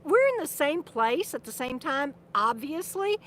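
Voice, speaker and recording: A woman's voice: high-pitched, very animated, unhurried, a bit bright. Rambling older woman chatting on a live stream. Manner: rambling, meandering, with many restarts and laughs; speaks to her dog between remarks. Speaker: vlogger and author. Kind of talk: casual live-stream chat.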